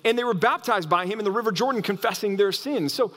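A pastor with a fairly high voice delivers a lively sermon, stumbling over and restarting his phrases as he goes. His words ring out with a long reverb, as if in a big church sanctuary. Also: fast talker, hardly any pauses. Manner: animated, acts out quoted voices, frequent restarts.

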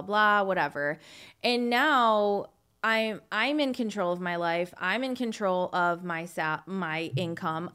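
A woman's voice: medium pitch, a bit bright, clear, resonant tone. A woman who co-hosts a podcast and chats casually, explaining her views in an earnest, reflective way. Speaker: podcast co-host, real estate agent, former property manager.

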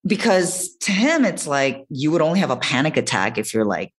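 A young woman telling a personal story in a casual podcast chat, expressive and animated. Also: sits low, normal speed, slightly rough. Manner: expressive, animated, swearing and laughing. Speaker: podcast guest.

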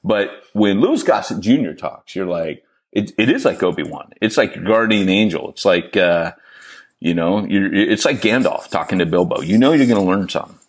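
A man's voice: sits low, animated, normal speed, husky. A man co-hosting a podcast, telling a rambling, self-deprecating story in a casual way. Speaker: podcast co-host.

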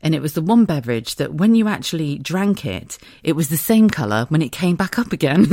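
A woman's voice: low voice, brisk, no room sound, studio quality. Chatty, giggly English woman podcaster. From southern England. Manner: chatty, giggly, animated storytelling. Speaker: podcast host. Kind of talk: casual chat.

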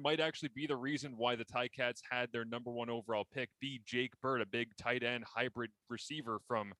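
A podcast host with a bright, forward voice. He chats casually and tells stories with lively enthusiasm. The sound is dry and close, with no room echo. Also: medium pitch, a little fast, few pauses. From Ontario, Canada. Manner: enthusiastic, animated storytelling. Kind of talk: casual interview chat.

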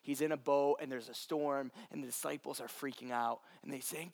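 A man's voice: a little high, animated, brisk, gravelly. A man preaching a sermon as pastor, passionate and earnest, addressing listeners directly.

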